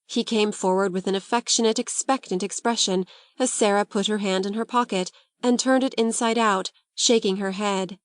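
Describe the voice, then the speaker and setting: Woman calmly narrating a classic storybook. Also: medium pitch, dry recording, studio quality. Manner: measured, gentle storytelling. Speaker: audiobook narrator. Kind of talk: scripted narration of a classic novel.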